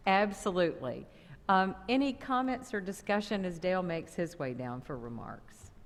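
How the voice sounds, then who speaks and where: A woman serving as board chair, briskly running votes and calling on speakers. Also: on the low side, very animated. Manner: brisk, procedural. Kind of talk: chairing a meeting. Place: board meeting room. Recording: echoey meeting hall.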